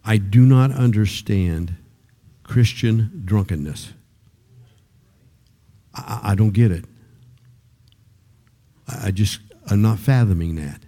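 A man's voice: fairly low pitch, takes it slowly, pauses often, warm tone. An older man preaching a sermon in a conversational way, often restarting his sentences and rising to emphatic peaks. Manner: repeats words when starting sentences.

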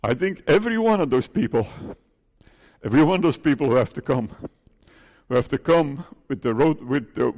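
A man's voice: mid-range voice, gravelly, darkish tone, long reverb tail. A male pastor preaching an earnest sermon, pleading and putting questions to his congregation. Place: church.

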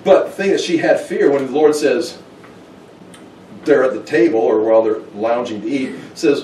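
A man's voice: on the high side, moderate pace, darkish tone, slight background noise. A man teaching a Bible study in an informal, conversational way, now and then acting out short quoted exchanges. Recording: echoey room, mic at a distance.

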